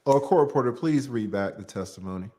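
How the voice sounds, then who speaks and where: A man's voice: medium pitch, animated, a little fast, mellow. A man hosting a livestream, joking and laughing often as he reads viewer super chats aloud in casual chat.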